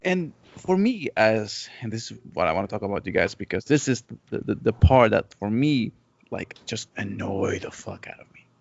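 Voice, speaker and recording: A man co-hosting a podcast in casual chat, animated and swearing, acting out his reactions. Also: fairly low pitch, moderate pace, creaky, dry recording. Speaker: podcast co-host. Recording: dull lo-fi podcast recording.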